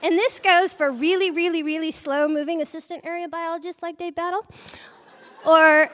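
A woman with a high, bright-pitched voice recounts her own misadventures with lively, self-deprecating humor. She speaks as a storyteller before a live audience. Her voice carries a long, lingering reverb from the hall. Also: normal speed, slight background noise. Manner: humorous, self-mocking, animated. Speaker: storyteller, wildlife biologist.

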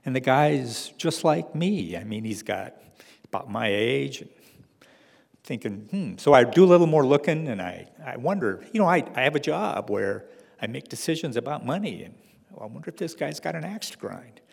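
Male storyteller, gravelly voice, dry wry humor, reverberant hall recording. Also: medium pitch, sing-song, normal speed. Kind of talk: personal story told to an audience.

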